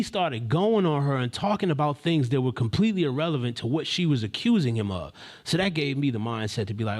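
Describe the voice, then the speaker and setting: A man's voice: medium pitch, very animated, fast talker. Slangy, rambling male storyteller. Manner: rambling, slangy, many restarts and asides. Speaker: live stream host. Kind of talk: casual storytelling.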